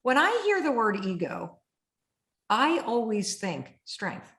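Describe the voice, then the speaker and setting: A middle-aged woman hosting a candid podcast conversation, animated and blunt, acting out voices in her stories and swearing freely. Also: a little high, slow pace. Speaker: podcast host. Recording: roomy echo.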